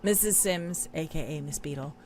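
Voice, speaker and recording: A woman co-hosting a podcast in casual chat, recapping an episode with emphatic, animated delivery and frequent laughter. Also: deep voice, moderate pace, very noisy. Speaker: podcast co-host.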